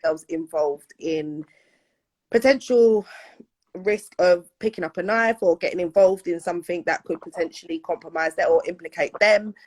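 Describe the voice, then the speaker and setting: A peer educator tells a frank story in a casual discussion. Her voice sits slightly low. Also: moderate pace, darkish tone.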